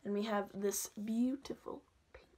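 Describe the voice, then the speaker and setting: A young woman chatting casually and playfully through a makeup tutorial at home, sometimes dropping to soft asides. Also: mid-range voice, fairly even intonation, measured pace. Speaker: makeup vlogger.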